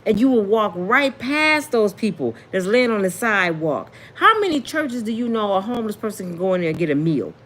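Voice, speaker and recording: A woman's voice: mid-range voice, big pitch swings, a little fast, hardly any pauses, a bit bright. A woman giving a casual, indignant commentary monologue, full of rhetorical questions and plain colloquial talk. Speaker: commentary vlogger.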